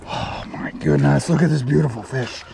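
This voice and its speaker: A man filming himself fishing a small creek outdoors, chatting excitedly and talking to the fish as he reels them in. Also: fairly high pitch, moderate pace, vocal fry, background noise. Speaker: fishing vlogger. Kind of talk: casual on-the-spot fishing vlog.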